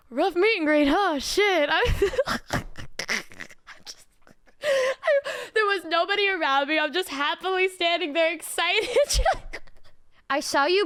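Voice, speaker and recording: A high-pitched woman streamer chats casually with her audience, telling stories with lots of laughter and cursing. She turns mock-whiny when she complains to her fans. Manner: animated, laughing often, swearing, mock-whiny. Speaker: streamer and singer. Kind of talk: casual stream chat, storytelling.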